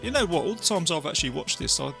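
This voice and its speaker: A man's voice: a little high, animated, very fast, gravelly, over music. A man co-hosting a podcast, talking casually and ending many sentences with tag questions. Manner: tag questions, chatty and laughing. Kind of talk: casual chat.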